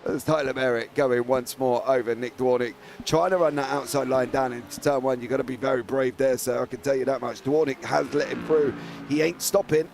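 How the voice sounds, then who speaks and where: English man, gravelly, sim race commentator, teasing and excitable. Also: mid-range voice, a little fast, slight background noise. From England. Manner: excitable, teasing, shouts at drivers.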